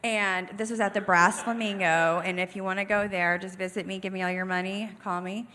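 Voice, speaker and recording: A woman's voice: medium pitch, fairly even intonation, brisk, bright, forceful tone, a little hiss or hum. A young woman doing raunchy stand-up on a comedy club stage, brash and profane, acting out the people in her story.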